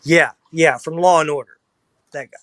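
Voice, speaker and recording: A man's voice: fairly high pitch, steady tone, normal speed, a bit bright, no echo. Rambling man with a dry, close sound. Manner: rambling, filler-heavy storytelling. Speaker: panel guest. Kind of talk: casual chat.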